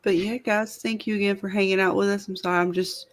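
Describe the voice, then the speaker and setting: A woman's voice: mid-range voice, steady tone, fast. A woman co-hosting a casual livestream, thinking aloud and distracted while she edits a video. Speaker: co-host editing a video.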